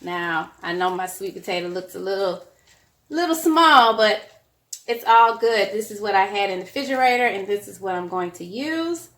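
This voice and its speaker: A woman's voice: mid-range voice, normal speed, roomy sound. A woman with a Southern accent, giving a chatty, encouraging home cooking demonstration and often repeating her phrases. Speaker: cooking instructor. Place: home kitchen.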